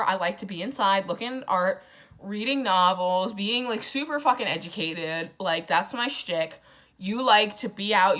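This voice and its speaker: A woman's voice: medium pitch, sharp tone. A tipsy young woman retelling a classic novel in a crude, rambling, sarcastic way. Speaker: book vlogger. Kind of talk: drunk comic book summary.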